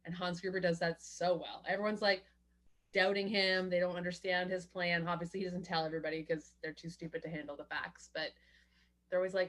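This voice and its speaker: A lower-pitched woman talks films on a podcast with friends. She is opinionated and animated, and she slips into quick little voices to act out what characters say. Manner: opinionated, animated, acts out quotes. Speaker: podcast co-host. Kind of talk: casual chat.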